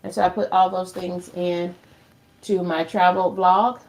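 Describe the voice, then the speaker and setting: A woman's voice: on the low side, level tone, measured pace, a little mellow. A woman hosting a casual tutorial livestream, chatty and upbeat, talking to viewers as friends and calling herself by name. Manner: refers to herself in third person. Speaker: livestream host.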